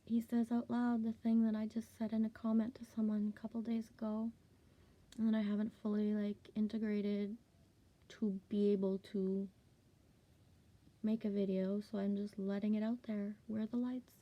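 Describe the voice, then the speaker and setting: A woman's mid-range voice, flat and moderately paced, comes through lo-fi audio. She's an Ontario, Canada vlogger sharing a personal story, swearing frequently, saying "like" over and over, and occasionally whispering.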